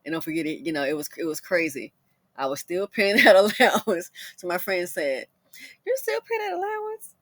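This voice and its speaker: A middle-aged woman hosting a commentary video, telling personal stories in a chatty, animated way and laughing as she goes. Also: deep voice, a little fast, no room sound. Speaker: commentator host. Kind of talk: casual storytelling commentary.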